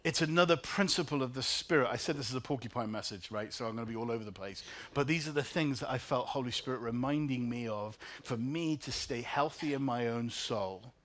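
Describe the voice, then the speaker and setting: A man preaching a sermon at a middle pitch. He tells personal stories, often dropping his voice low and soft before rising with feeling. He repeats his key lines and invites the congregation to say them with him. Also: brisk, few pauses. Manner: personal storytelling with emotional swings, soft then rising. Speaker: pastor.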